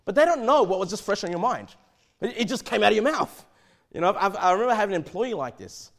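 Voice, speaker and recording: Male preacher, higher-pitched, very lively delivery, stammering restarts, sermon. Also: fast talker. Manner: animated, repeats and restarts words. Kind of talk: expository sermon.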